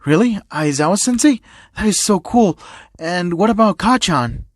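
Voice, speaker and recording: A man voicing a naive, excitable teenage cat boy with a childlike, stammering way of talking. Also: high voice, normal speed, no room sound, clean studio sound. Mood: excited.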